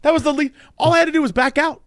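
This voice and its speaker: A man hosting a casual chat, telling a story with lively, acted-out quotes and big pitch jumps. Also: racing, no echo, studio quality. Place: Los Angeles.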